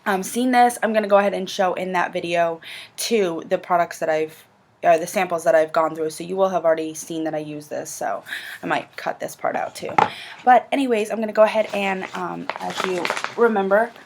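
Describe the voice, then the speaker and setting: A woman's voice: fairly low pitch, background noise. A young adult woman with a nasal voice from a cold, chatting casually and rambling a little as a beauty vlogger. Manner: chatty, rambling, quick asides. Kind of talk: casual vlog chat.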